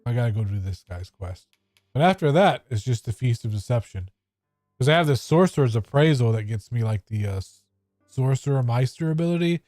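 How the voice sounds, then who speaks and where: A man rambles casually as he plays, offhand and now and then profane. His voice is mellow and dark in tone, at an ordinary male pitch, with faint game music behind. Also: lively intonation, a little fast, dry recording, clean studio sound. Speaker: gamer. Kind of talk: casual gameplay commentary.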